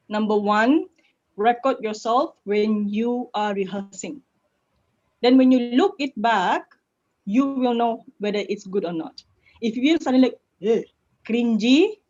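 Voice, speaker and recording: A woman with a Malaysian accent, a public speaking coach answering questions in an online session, lively and laughing easily. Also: on the high side. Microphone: video call. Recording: lo-fi video call audio.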